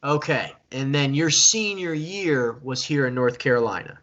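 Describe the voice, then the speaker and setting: A man's voice: mid-range voice, lively intonation, moderate pace, fairly bright tone, dull audio. A man hosting a casual live-stream interview, chatty and enthusiastic, often repeating himself. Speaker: host.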